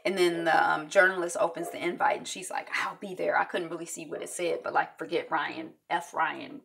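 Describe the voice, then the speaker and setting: A woman's voice: lowish voice, fairly even intonation, brisk, creaky, noisy background. A woman giving a casual recap of a TV episode, acting out the characters' lines as she retells each scene. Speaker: TV recap reviewer.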